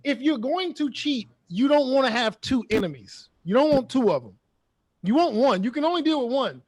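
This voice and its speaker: A man's voice: very high voice, very animated, normal speed, darkish tone, no echo. A man hosting a casual chat, giving his opinion emphatically and repeating his points. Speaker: podcast host.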